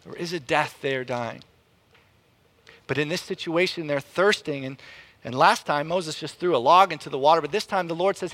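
A man preaching a sermon in an animated way, often repeating words as he restarts a thought. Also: normal speed. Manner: animated, rises in pitch and volume to act out quotes.

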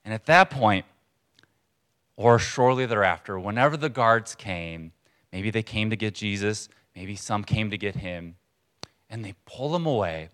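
A man preaching a sermon in a church to a congregation, in a conversational, earnest way with pauses for emphasis. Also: on the low side, animated, a bit bright, smooth. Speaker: pastor.

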